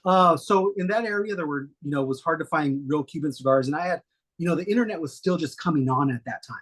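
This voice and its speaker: A middle-aged man, a guest, telling stories in a relaxed, rambling way with many fillers. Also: a little high, fast talker, slightly rough. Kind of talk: casual storytelling interview.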